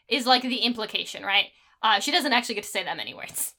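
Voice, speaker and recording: A woman's voice: a little high, normal speed, sharp tone. A woman in a casual film discussion, criticizing a movie with sarcasm and frequent fillers. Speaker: podcast co-host.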